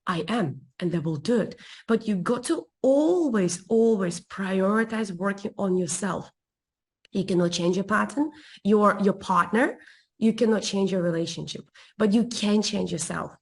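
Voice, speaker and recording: A woman coach recounting a personal story to an interviewer with expressive, emphatic repetition. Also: mid-range voice, a little slow, slightly rough. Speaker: guest relationship coach.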